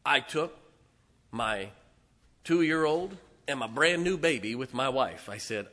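A man preaching a sermon, telling a story in an animated way with loud bursts and soft asides. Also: medium pitch, slow.

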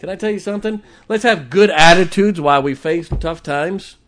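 A man's voice: high-pitched, normal speed, fairly bright tone, a little hiss or hum. A male pastor, preaching a sermon with rising, emphatic declarations and playful asides.

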